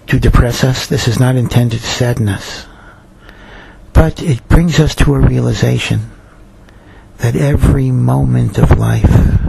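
Rabbi guy telling a sermon story, husky voice, earnest, slows way down on the big points. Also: mid-range voice, darkish tone, rough recording. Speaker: rabbi giving a Torah talk.

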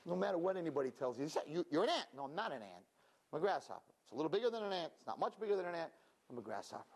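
An animated male rabbi preaches with plenty of emphasis. His voice sits slightly high for a man, and he slips readily into acted-out quotes. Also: racing. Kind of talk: sermon.

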